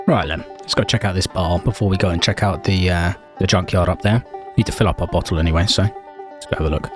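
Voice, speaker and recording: Man, deep low voice, dry mock-tragic game narration, faint music underneath. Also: fast talker. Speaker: let's play host.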